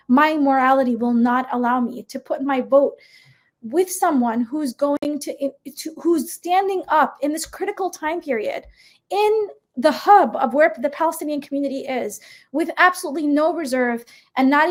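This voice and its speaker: A middle-aged woman from the United States, a guest educator in a podcast interview, speaking in an impassioned, emphatic way and often adding a rhetorical "right?". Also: high voice.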